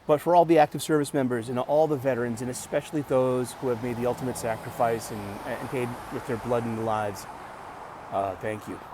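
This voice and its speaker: Man at a bus stop talking off the cuff, halting and joking, over loud traffic noise. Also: medium pitch, fairly even intonation. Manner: halting, restarts words, jokey asides. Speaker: vlogger. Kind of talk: casual rambling monologue. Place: outdoors at a bus stop by a street. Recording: busy street noise around the mic. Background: passing traffic.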